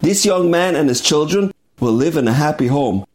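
A man's voice: fairly high pitch, lively intonation, a little mellow, close to an everyday voice. A man playing a compassionate young rabbi. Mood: heartfelt. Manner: slow, heartfelt.

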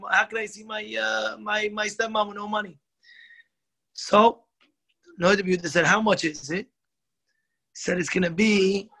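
A man telling a moral story in a sermon, animated, slowing down for emphasis and voicing the characters in his tale. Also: high voice, poor audio.

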